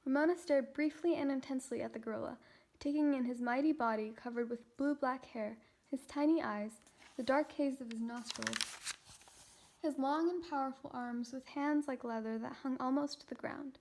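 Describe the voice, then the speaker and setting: A teenage girl reading a children's chapter book aloud, steady but with small slips and restarts. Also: sits high, moderate pace. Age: teens.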